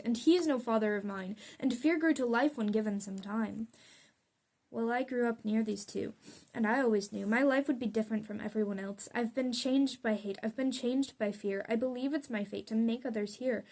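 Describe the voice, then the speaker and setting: A woman's voice: on the high side, normal speed, a little mellow. A young adult woman reading her own poems aloud in an earnest, confessional way. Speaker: poet.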